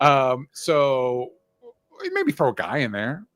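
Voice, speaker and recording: A man co-hosting a casual movie podcast, recapping the plot with wry asides and many quick yeahs. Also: mid-range voice, sing-song, fairly bright tone, no room sound, studio quality. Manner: laid-back, lots of fillers and quick yeahs. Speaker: podcast co-host. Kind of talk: casual movie review chat.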